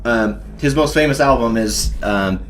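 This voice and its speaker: Young male podcast co-host, profane rambling storyteller, mid-pitched, faint typing clicks behind. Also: unhurried, slight background noise. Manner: profane, rambling storyteller, mock-ranting in bursts. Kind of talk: casual chat.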